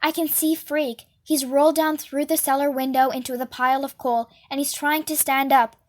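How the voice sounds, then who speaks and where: A woman reading a children's novel aloud in a steady, unhurried way. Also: sits high. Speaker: storyteller.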